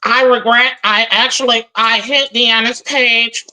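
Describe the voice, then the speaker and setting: A woman's voice: a little high, fairly even intonation, a little slow, sharp tone. A woman hosting a livestream, talking casual gossip commentary from her home office. She is brash and profane, calls her viewers honey and baby, and breaks into laughter. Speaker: livestream host.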